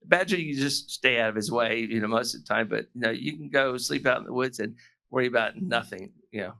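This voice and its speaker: An American man from South Florida chats as a podcast guest. His voice is bright and forward. He talks in loose, rambling stretches full of fillers and restarts. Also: medium pitch, fairly quick, vocal fry. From South Florida, USA. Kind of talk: casual chat. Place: remote call from the UK.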